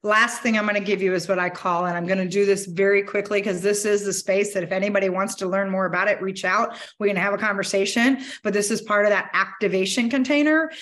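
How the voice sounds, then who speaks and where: A woman giving a motivational talk to a business networking group, energetic and candid, with casual swearing. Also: mid-range voice, fast, hardly any pauses. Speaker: motivational speaker. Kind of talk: conversational keynote talk.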